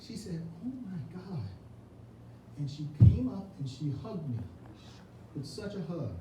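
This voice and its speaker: A man's voice: fairly high pitch, lively intonation, moderate pace. A man giving an earnest, emotional campaign speech at an indoor reception, telling a personal story. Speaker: Senate candidate. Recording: echoey room, mic far off, noisy.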